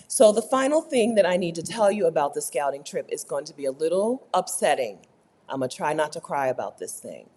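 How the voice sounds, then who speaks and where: A woman talking casually to camera in a chatty, animated way, often tagging her sentences with "right?". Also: low voice, breathy edge. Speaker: vlogger. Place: rented apartment.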